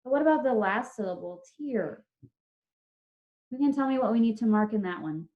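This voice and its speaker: A woman teacher with a fairly high, animated voice gives her class a spelling lesson by video call, drawing out each dictated word slowly. She is patient and encouraging, and the call audio sounds dull and lo-fi.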